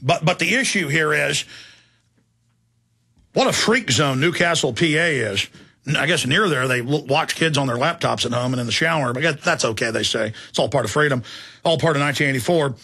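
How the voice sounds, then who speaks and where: A man's voice: fairly high pitch, fairly quick, bright, forceful tone, slightly rough. A middle-aged man hosting a talk radio show, telling rambling, digressive stories in a heated, indignant way.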